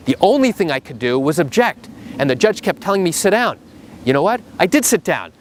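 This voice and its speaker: A middle-aged man, a trial attorney, telling a story to the camera in an animated, emphatic way. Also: high voice, a little hiss or hum. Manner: animated and emphatic, acts out the quotes.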